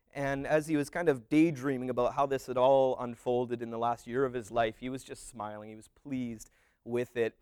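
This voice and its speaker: A man's voice: medium pitch, smooth, dry recording. Man retelling a parable, dry sound. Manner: relaxed, rambling delivery with fillers and restarts.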